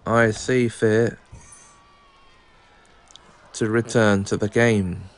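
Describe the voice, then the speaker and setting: A man hosting a game playthrough, talking directly to his viewers in an unhurried way. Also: fairly low pitch, steady tone. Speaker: gaming channel host. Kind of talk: let's play commentary.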